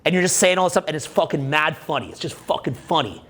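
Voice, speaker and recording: A man in his forties, a dating coach, giving a live seminar talk from a stage in an animated, profane, conversational way that keeps checking in with "right?". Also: on the high side, fast.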